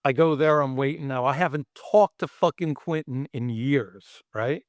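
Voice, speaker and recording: A middle-aged man from Brooklyn, guest on a podcast, telling an animated, profane anecdote. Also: mid-range voice, moderate pace, no room sound, studio quality. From Brooklyn, New York. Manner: animated, profane storyteller acting out quotes. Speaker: guest, special effects artist. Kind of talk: storytelling anecdote in a podcast interview.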